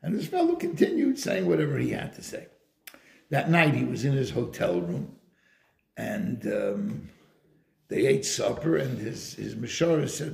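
A man's voice: fairly high pitch, sing-song, measured pace, gravelly, a little mellow, echoey room. A man giving a Torah lecture in English, weaving Hebrew and Yiddish terms into his storytelling. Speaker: Torah teacher.

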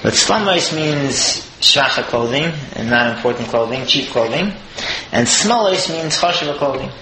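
A man teaches a Torah lesson, earnest and explanatory, unpacking each verse phrase by phrase. His voice sits at an ordinary middle pitch. The room is echoey, with steady noise behind him. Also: normal speed.

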